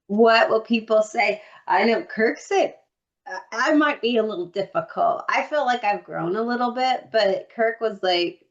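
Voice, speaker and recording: A woman co-hosting a podcast in casual chat, telling lively stories and acting out what people said. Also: on the high side, measured pace. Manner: lively storyteller who acts out quotes. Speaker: podcast co-host. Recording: dull lo-fi recording.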